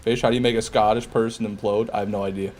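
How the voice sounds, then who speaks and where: A man's voice: lowish voice, little pitch movement, fast, a little mellow, faint music behind. An American man in live gameplay commentary, chatting with viewers in a joking, swearing way and often laughing. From United States. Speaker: gaming streamer.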